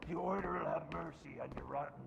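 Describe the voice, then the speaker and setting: An actor playing a menacing male cultist in a horror game, shouting threats. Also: a little high, fast talker, gravelly, highs cut off, a crowd in the background. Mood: threatening. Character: menacing male fish-cult townsman hunting the player. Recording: game audio under music.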